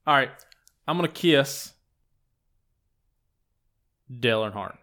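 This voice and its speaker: A man with a lively, swooping pitch and a bright, forceful tone cracks crude jokes in a casual chat. He sounds animated throughout. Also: slow pace.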